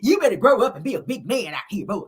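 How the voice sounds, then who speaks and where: A woman voicing a loud, gushing older country woman who scolds and fusses. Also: medium pitch, sing-song, quick pace, husky, voice pushed up. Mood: scolding.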